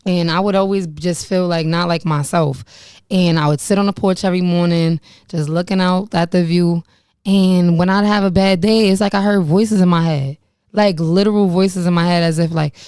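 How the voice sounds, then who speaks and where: A young woman hosts her own podcast, speaking candidly and bluntly about her experiences, with profanity and rueful laughter. Her voice sits a bit low and sounds smooth and clear. The recording is dry and close, with no room echo. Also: steady tone, normal speed, darkish tone. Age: young adult. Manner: frank and profane, laughs about painful memories. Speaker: podcast host. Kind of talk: candid personal storytelling.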